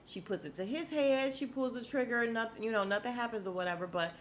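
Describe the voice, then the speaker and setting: Animated slangy woman recapping a show. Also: a little high, quick pace, a little hiss or hum. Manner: animated, slangy, acts out characters' lines, laughs often. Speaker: podcast host recapping a TV episode. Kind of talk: casual episode recap.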